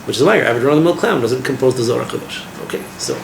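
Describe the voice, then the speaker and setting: A man, a rabbi, teaching an informal class in a lively way, asking his listeners questions and using Hebrew terms. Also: medium pitch, very fast, gravelly. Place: classroom with a small group. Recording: echoey room with background noise.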